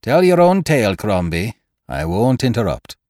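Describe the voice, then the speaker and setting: A man doing a gaunt snappish gentleman. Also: lowish voice, big pitch swings, moderate pace, no echo, studio quality, pitched above the performer's own voice. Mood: contrite. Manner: curt and fierce, then contrite. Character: gaunt irritable gentleman, quick to snap.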